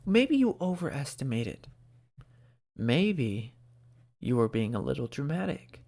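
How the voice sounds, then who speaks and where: A man hosting an opinionated commentary show, animated and sarcastic, talking close to the microphone. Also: mid-range voice, measured pace. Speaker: host.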